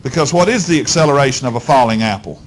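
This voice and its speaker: Animated and fast-talking, a male physics teacher with a mid-range voice addresses his class head-on in a folksy, coaxing style. He keeps asking "okay?" and "all right?", over a bit of hiss or hum.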